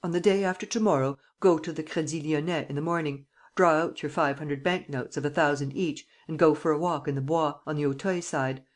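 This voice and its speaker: Mocking gentleman thief voiced by an audiobook reader, theatrical, taunting, mid-pitched voice. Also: fairly even intonation, lightly acted. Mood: bargaining. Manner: taunting, theatrical, quick to triumph. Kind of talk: audiobook character reading.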